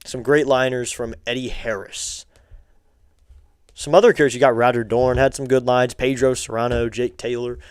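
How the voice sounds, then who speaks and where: Smooth-voiced man calling a baseball stream. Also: medium pitch, steady tone, normal speed, dry recording, studio quality. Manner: casual, chatty, asking viewers for likes and subs. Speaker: streamer doing play-by-play. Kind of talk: live-stream baseball play-by-play commentary.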